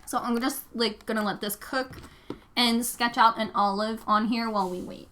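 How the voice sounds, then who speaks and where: A young woman chats through a casual crafting livestream, wandering from story to story with plenty of filler words. Her voice is bright and a bit higher than most. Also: fairly even intonation, normal speed, slight background noise. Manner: chatty, rambling, frequent "like" fillers. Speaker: livestreaming vlogger.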